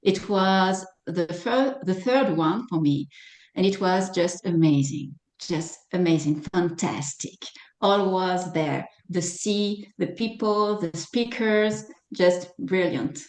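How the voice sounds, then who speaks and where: French-accented woman, unhurried, roomy echo on her voice. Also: on the low side, darkish tone. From France. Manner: simple phrases, listing words. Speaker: conference attendee. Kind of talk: short casual testimonial.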